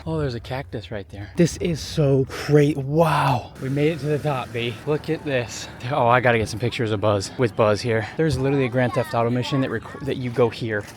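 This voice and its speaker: A man's voice: medium pitch, a little fast, few pauses. A young man from Colorado talks to his handheld camera in a casual travel vlog. He reacts to each view with eager exclamations and sounds slightly out of breath on the uphill stretches. Faint outdoor noise sits behind him. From Colorado, USA. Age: 20s. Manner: chatty, easily amazed, exclaims at views. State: out of breath while hiking uphill. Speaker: vlogger. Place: outdoors and in a car, on a hillside trail.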